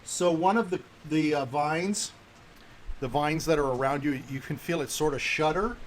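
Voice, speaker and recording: A man running a tabletop game as game master, describing the scene in a halting, self-correcting way. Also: fairly high pitch, a little hiss or hum.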